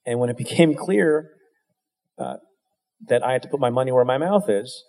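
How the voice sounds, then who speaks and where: A man's voice: medium pitch, expressive, moderate pace, creaky, a little mellow. A middle-aged man answering an interviewer's question with candid, wry, self-deprecating stories, often restarting his sentences. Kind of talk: candid storytelling, conversational. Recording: long hall reverb.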